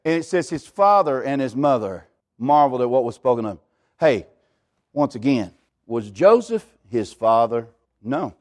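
A male pastor, preaching a sermon in a folksy, animated way and often calling out to the congregation. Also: mid-range voice, moderate pace. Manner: folksy, animated preaching with repeated "hey, listen to me".

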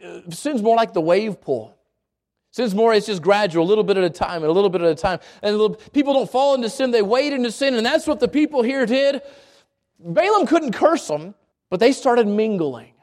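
High-voiced animated male preacher. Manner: animated, folksy, many restarts. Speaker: pastor. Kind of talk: sermon.

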